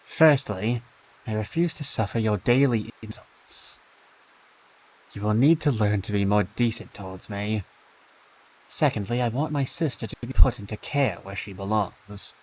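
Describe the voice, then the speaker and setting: A man's voice: fairly low pitch, measured pace, darkish tone, rough recording. A man voicing a resentful grown son in a game, making formal, indignant demands.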